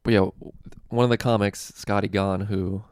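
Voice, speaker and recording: A man's voice: on the low side, flat delivery, normal speed, darkish tone, smooth, no room sound, clean studio sound. A young man casually telling a story with lots of fillers, swearing and laughter, hosting a comedy podcast. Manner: laid-back, profane, lots of fillers and laughs.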